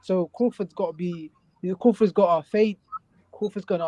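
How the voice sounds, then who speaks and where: A man's voice: sits high, fairly even intonation, normal speed, dark tone, dull audio. A man with a London accent in casual chat, giving blunt opinions on boxing and often repeating himself. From South London. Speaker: guest boxing pundit.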